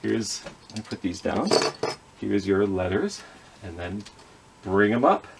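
A man's voice: on the low side, expressive, unhurried, creaky, a little hiss or hum. A man leading a children's reading skit with puppets, patiently sounding out letters and words. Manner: gently apologetic with the puppets. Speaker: children's librarian.

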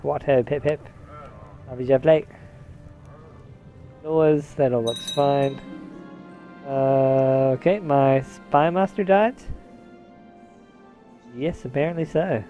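A man's voice: mid-range voice, slow, pauses often, mellow, faint music behind. A man giving casual gameplay commentary, musing to himself and half-distracted, now and then slipping into a mock posh put-on. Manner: dabbles in a mock posh old-English put-on. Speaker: game let's-player.

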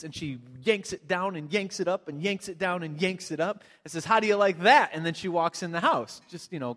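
A pastor delivers his sermon in a relaxed, storytelling manner, often restarting his phrases. His voice sits somewhat high for a man. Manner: storytelling, conversational with frequent restarts. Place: church sanctuary.

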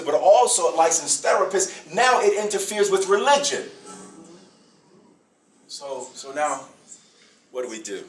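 A middle-aged man, a bishop, giving a speech to an audience in a preaching style. He stresses his points, repeats phrases and uses slow dramatic pauses. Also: a little high, a bit bright, a little hiss or hum. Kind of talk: preaching-style public address. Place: event hall before an audience. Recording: echoey hall from far off.

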